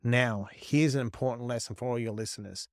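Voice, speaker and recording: A middle-aged man, a podcast guest, telling stories in an animated, profane way and acting out quoted lines. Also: mid-range voice, brisk, no room sound, studio quality. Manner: profane, emphatic, acts out quotes. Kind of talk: animated storytelling.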